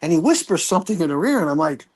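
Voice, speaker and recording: A man in his sixties casually telling a story from his youth, animated and rambling, swearing freely. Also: a little high, very fast, husky. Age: 60s. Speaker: guest storyteller.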